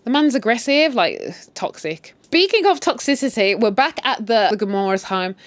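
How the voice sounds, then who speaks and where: A woman's voice: on the high side, animated, moderate pace, no room sound. A woman casually retelling a drama series in a chatty, candid way, often saying "like". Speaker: series recap host.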